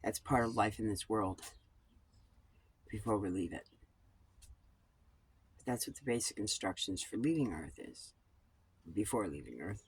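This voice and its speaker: A woman's voice: extremely low pitch, animated, unhurried, long pauses, a little hiss or hum. A woman vlogger talking in a rambling personal monologue about coping, blunt and digressive, swearing freely.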